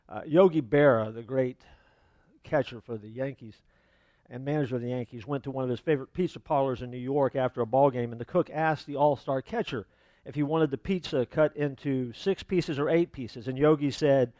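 A man preaching a sermon as the pastor of a church, in a relaxed, conversational manner with fillers and asides. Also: medium pitch, brisk, dry recording.

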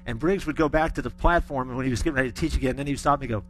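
A man's voice: mid-range voice, rapid-fire, a bit bright. A middle-aged man preaching a sermon, telling stories with folksy humor. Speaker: pastor.

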